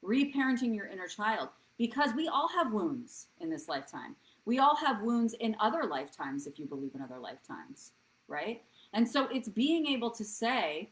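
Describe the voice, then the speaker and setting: A woman's voice: mid-range voice, sing-song, normal speed, poor audio. A woman in her thirties hosting a live wellness show, talking earnestly to viewers in a coaching way and often checking in with "right?". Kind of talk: live-stream talk to viewers.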